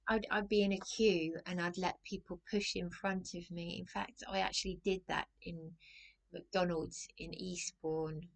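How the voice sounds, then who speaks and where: Middle-aged woman vlogging, gravelly fry, keeps tripping over her words. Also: on the low side, fairly even intonation, a little slow. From England. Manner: anxious, rambling, self-interrupting. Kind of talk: casual storytelling to camera.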